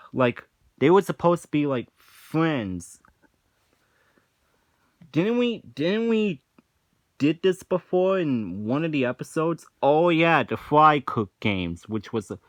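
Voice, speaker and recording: A man talks through a casual review at an unhurried pace, circling back over his words with lots of restarts and fillers. He sounds unimpressed and dismissive throughout. The sound is close and dry, with no room around it. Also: mid-range voice, dry recording. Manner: rambling, frequent restarts and filler "like".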